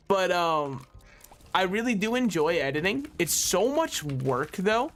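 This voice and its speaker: Young man, streamer, slightly high voice, casual game commentary, self-deprecating jokes, swears a lot, faint music behind. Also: big pitch swings, a little slow, a bit bright.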